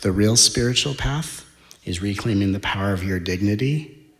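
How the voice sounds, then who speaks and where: A man giving a spiritual talk, speaking in slow, deliberate phrases and dropping to a hushed whisper for emphasis. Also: fairly low pitch, echoey room. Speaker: spiritual teacher.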